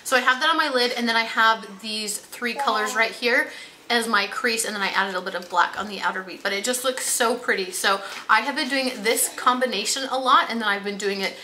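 A woman's voice: on the high side, a little fast, bright, forceful tone, a little hiss or hum, low-quality recording. A young woman beauty vlogger chatting casually to viewers about her favorite makeup, upbeat and gushing. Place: home room with toddler nearby.

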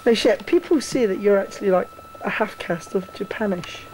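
A man's voice: high-pitched, expressive, moderate pace, slight background noise, poor audio. A young man filming his barrack mates on a handheld camcorder, narrating in a crude, teasing, sweary way. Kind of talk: casual home-video banter. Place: army barracks block, indoors. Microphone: handheld camcorder mic.

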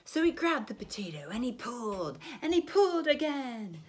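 A woman teacher reading a picture book aloud to children, animated, with character voices and sound effects. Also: a little high, moderate pace.

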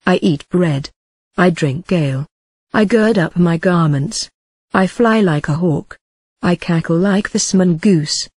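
A synthetic text-to-speech voice reading an ancient text aloud in an even recited cadence, even speaking the punctuation. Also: medium pitch, slightly rough, dry recording. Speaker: audiobook reader. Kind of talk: scripted narration of an ancient text.

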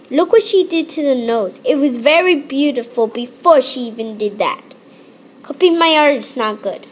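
High-pitched young woman scolding playfully. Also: animated, normal speed, a little hiss or hum. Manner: playful scolding, repetitive, swings between loud and quiet. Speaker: animation creator. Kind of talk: casual vlog rant.

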